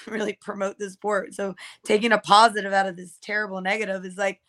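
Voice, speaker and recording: A woman's voice: medium pitch, level tone, a little fast, a bit bright. A young woman co-hosting a casual podcast, talking freely with lots of fillers and restarts. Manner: chatty, many fillers and restarts. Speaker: co-host.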